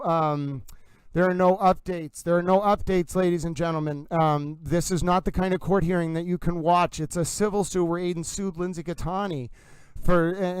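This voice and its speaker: Excitable high-voiced male livestream host. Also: clean tone, no room sound, poor audio. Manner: excited, addresses "ladies and gentlemen" constantly. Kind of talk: live commentary stream.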